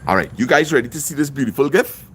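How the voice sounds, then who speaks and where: A man's voice: mid-range voice, animated, fast, a little hiss or hum. A middle-aged man hosting a livestream, reading viewers' comments and greeting them by name. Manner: chatty, shouts out viewers by name. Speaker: livestream host. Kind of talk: live-stream chat, reading comments.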